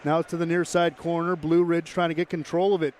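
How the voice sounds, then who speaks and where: A man calling live hockey play-by-play, brisk and chatty, tossing in joking asides. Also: a little high, level tone, a little mellow, a little hiss or hum. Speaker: play-by-play commentator.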